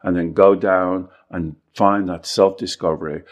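A man's voice: deep voice, fairly even intonation, measured pace. A middle-aged man, a life coach, explaining his method in an earnest, repetitive podcast talk.

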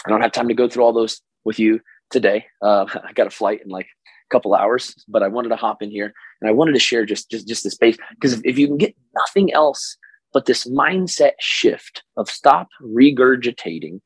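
A hoarse man from Oklahoma hosting a casual solo podcast as a coach, energetic and stammering on repeated words. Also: medium pitch, moderate pace, dry recording, poor audio. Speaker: podcast host and business coach.

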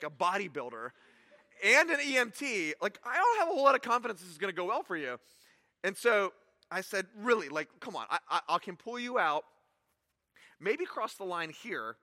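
A man in his forties delivers a casual, story-driven sermon as the pastor, swinging between quiet asides and animated bursts of humor. His voice sits high and sounds sharp and bright. It rings out with the long reverb of a church hall.

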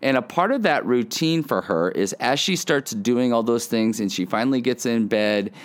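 A man's voice: medium pitch, expressive, normal speed, smooth. A man hosting a casual devotional podcast from his front porch, earnest and reflective in a conversational way. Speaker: podcast host.

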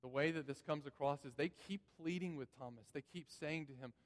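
In a church sanctuary full of long hall reverb, a pastor with a slightly high voice preaches briskly with few pauses. His sermon is earnest, and he repeats key phrases for emphasis.

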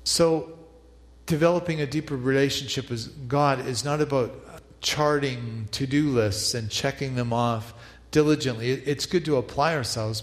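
Pastor preaching in a reverberant hall. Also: male voice, medium pitch. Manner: reflective, leads congregation in repeated prayer. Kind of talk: sermon.

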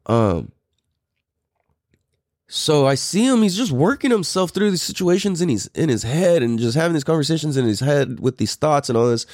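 A man's voice: a little high, darkish tone, no room sound, studio quality. A man in his thirties hosting a podcast, telling a story in a rambling, profane way with many fillers. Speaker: podcast host. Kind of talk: casual storytelling.

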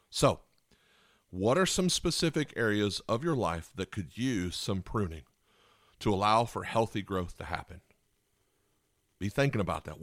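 A man's voice: fairly low pitch, a bit bright, no echo, studio quality. A man preaching a sermon as pastor, repeating key lines and asking listeners rhetorical questions.

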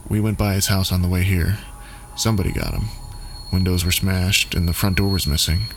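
A man's voice: sits low, steady tone, a little fast, background noise. A man voicing a shaken neighbor who speaks bluntly and urgently.

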